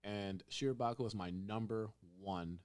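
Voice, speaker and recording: Young male podcast host, low voice, animated storyteller who acts out lines. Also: moderate pace. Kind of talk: casual chat.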